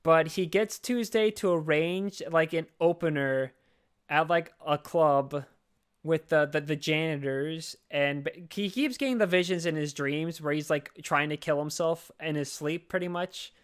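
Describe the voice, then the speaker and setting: A man chatting casually about a movie on a podcast, jumping into quick put-on voices for the characters. His voice sits a bit high for a man and sounds smooth and clear. He swears freely as he talks. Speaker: podcast co-host. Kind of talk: casual movie recap chat.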